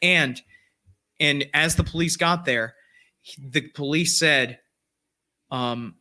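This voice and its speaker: Guy on a podcast telling a story, bright kinda high voice, lots of likes and uhs. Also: slow pace. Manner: rambling, with many fillers and restarts. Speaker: podcast host. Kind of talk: casual storytelling.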